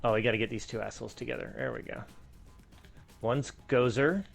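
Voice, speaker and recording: A man's voice: medium pitch, a little fast, creaky, soft background music. A man co-hosting a gaming stream, chatting casually with blunt jokes and casual swearing. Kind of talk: casual live-stream chat while gaming.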